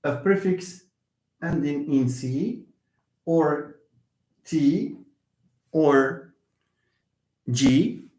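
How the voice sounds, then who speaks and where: A man's voice: a little high, extremely slow, long pauses, a little mellow. A man teaching English word stress in a live online lesson, explaining patiently and repeating example words. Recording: echoey room.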